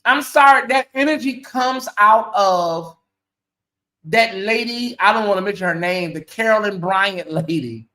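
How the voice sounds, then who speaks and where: A woman hosting her own commentary channel, talking to viewers in an animated, emphatic and sarcastic way. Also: mid-range voice, a little slow.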